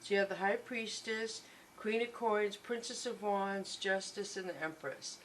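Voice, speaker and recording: A woman's voice: mid-range voice, measured pace, a little hiss or hum, rough recording. A woman giving a tarot reading, gushing and reassuring, often repeating her encouragements. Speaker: tarot reader.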